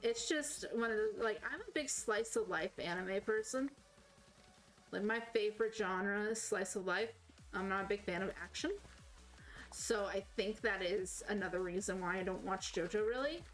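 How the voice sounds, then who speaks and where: A woman's voice: mid-range voice, moderate pace, faint music behind, rough recording. A woman with a slight Southern US accent, chatting casually and rambling as a game streamer. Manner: rambling, self-correcting, chatty. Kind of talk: casual chat while playing.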